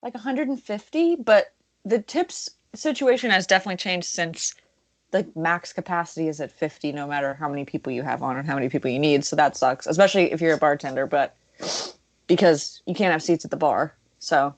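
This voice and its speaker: A woman with a lowish voice co-hosts a laid-back podcast. She speaks in an opinionated, chatty way, with quick asides and fillers. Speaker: podcast co-host. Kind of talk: casual chat.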